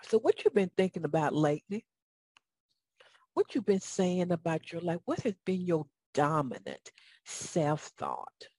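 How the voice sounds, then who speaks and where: A woman's voice: lowish voice, very animated, unhurried, darkish tone, dry recording. A woman with a Southern US accent giving a motivational talk, folksy and preacherly, often asking her audience questions. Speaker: motivational speaker.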